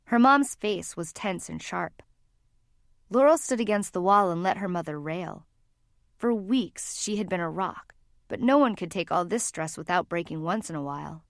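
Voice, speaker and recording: A woman narrating an audiobook in calm, even storytelling. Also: lowish voice, moderate pace, vocal fry, no room sound, clean studio sound. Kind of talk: scripted narration.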